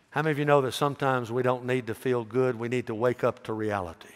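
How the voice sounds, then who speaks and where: A male pastor preaching a sermon, telling a story with animated voices and calling out questions to the congregation. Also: mid-range voice, quick pace, hardly any pauses. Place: church. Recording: echoey church hall reverb.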